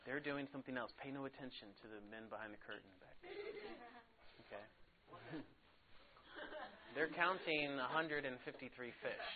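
A man's voice: mid-range voice, moderate pace, long pauses, a loud crowd. A man leading a Bible study class, asking the group questions and explaining in a conversational, increasingly emphatic way. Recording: phone-like narrow sound.

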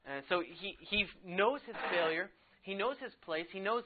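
A man teaching a casual Bible lesson to a class in a classroom, chatty and quick to laugh, saying "like" a lot. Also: high-pitched, a little hiss or hum. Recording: tinny phone-like sound.

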